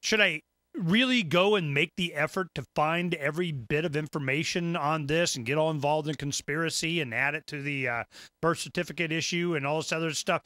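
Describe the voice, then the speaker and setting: A man's voice: a little high, animated, moderate pace, sharp tone, dry recording, studio quality. A man hosting a talk radio show, ranting in an emphatic, rambling way with stammered restarts. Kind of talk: casual talk radio rant.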